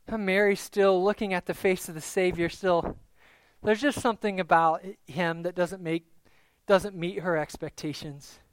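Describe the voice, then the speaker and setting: Preaching on Easter, this pastor has a high voice, a steady tone, and a moderate pace, with no echo in the recording. He keeps things relaxed and jokey, addressing members of the congregation by name.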